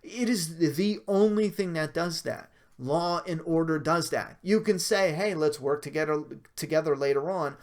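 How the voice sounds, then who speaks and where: A man's voice: fairly high pitch, moderate pace, hardly any pauses. Guy rambling on his livestream, reading out chat comments, full of fillers and self-corrections. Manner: rambling, frequent fillers and self-corrections, laughs between points. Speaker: livestream host reviewing a TV episode.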